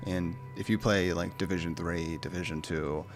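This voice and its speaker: Lower-voiced man telling bar stories. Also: soft background music. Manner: animated storyteller, quick asides, frequent "like" and "I swear to God". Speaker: comedian guest. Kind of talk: casual podcast chat.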